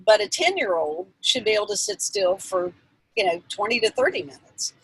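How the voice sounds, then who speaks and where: Husky-voiced woman expert explaining. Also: mid-range voice, big pitch swings, moderate pace, rough recording. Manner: earnest and instructive, with restarts and fillers. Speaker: emotional intelligence expert guest. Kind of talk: explanatory interview answers.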